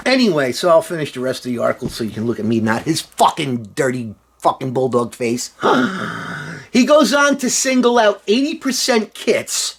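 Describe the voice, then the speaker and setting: A man's voice: a little high, sing-song, moderate pace, breathy edge. A man vlogging in a casual, rambling monologue, sarcastic and profane with lots of fillers.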